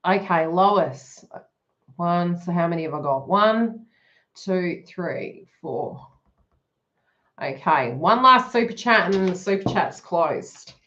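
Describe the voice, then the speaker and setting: A woman's voice: on the low side, expressive, takes it slowly, a bit bright, dull audio. A woman giving a live card reading to her viewers, talking frankly and joking as she goes. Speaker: tarot reader.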